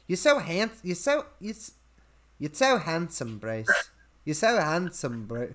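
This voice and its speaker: Guy doing a coy flirty fake-british lady, kinda breathy. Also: fairly high pitch, big pitch swings, unhurried, a little hiss or hum. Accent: mock British. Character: flirty actress as a British woman.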